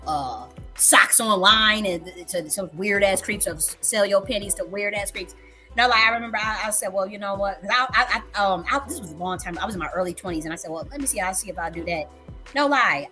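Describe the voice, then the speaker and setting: A woman's voice: medium pitch, bright, forceful tone. A woman in her thirties hosting a casual livestream, telling a story candidly with frequent profanity and repetition for emphasis. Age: 30s. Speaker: livestream host.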